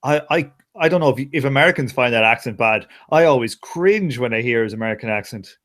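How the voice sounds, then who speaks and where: A man's voice: mid-range voice, lively intonation, brisk, a bit bright. Chatty Irish man, rambling casual talk. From Ireland. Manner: chatty, rambling, laughs often, many restarts. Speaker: conversation partner. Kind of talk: casual chat.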